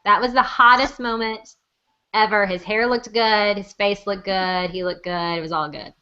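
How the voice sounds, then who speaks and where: A woman co-hosting a casual fan discussion, animated and giggly. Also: medium pitch, moderate pace, clear, resonant tone. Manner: animated, giggly, does impressions. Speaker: podcast co-host. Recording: muffled lo-fi audio.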